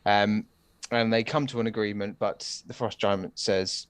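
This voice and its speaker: Brief: laid-back young British co-host, dry close mic. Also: male voice, fairly low pitch, steady tone, measured pace, smooth, no echo. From United Kingdom. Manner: easygoing, agreeable, recaps with slang. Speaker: podcast co-host. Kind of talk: casual chat.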